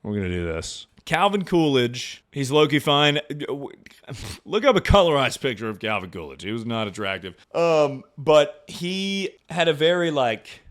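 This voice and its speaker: A young man streaming, rambling and joking with lots of swearing and quick impressions. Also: medium pitch, big pitch swings, fairly bright tone. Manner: rambling, profane, jokey, often slips into impressions. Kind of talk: casual livestream commentary.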